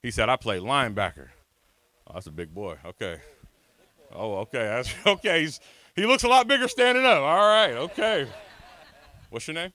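Animated man preaching to a congregation. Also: mid-range voice, moderate pace, pauses often. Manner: animated, calls on the crowd, swings from soft to shouting. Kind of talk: energetic sermon with storytelling. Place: church hall before a congregation.

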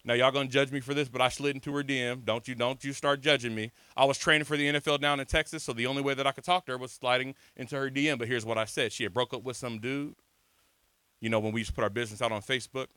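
Animated man preaching to a congregation. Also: mid-range voice, rapid-fire, clean tone, no room sound. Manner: animated, calls on the crowd, swings from soft to shouting. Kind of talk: energetic sermon with storytelling. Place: church hall before a congregation.

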